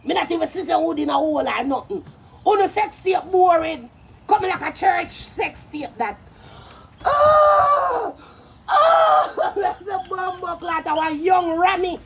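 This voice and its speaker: A young Jamaican woman ranting loudly in commentary, profane and brash, bursting into shouts and cackling laughter. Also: very high voice, moderate pace, a little hiss or hum. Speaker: social media commentator.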